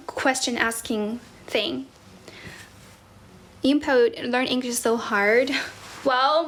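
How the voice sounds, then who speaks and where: Fairly high in pitch and fairly bright in tone, a young Chinese-accented woman from China teaches English on a laid-back livestream. Replying to comments, she laughs frequently and corrects herself as she shifts between Mandarin and English.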